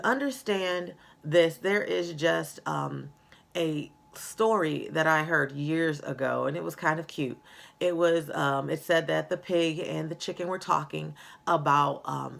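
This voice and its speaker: Earnest low-voiced woman with gravelly fry. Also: a bit bright. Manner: slow, earnest and encouraging, with fillers. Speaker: motivational speaker. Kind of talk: motivational talk.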